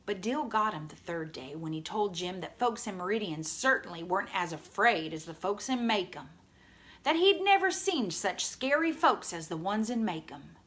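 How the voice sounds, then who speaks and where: Expressive woman reading a story aloud. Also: mid-range voice. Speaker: audiobook reader. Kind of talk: read-aloud narration.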